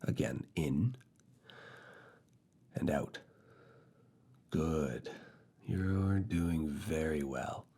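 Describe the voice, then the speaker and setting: A man voicing a strict, teasing male university professor in a slow, soft, deliberate whispered role-play. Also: very deep voice, full character voice. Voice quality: soft, hushed, often whispered. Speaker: ASMR roleplay creator.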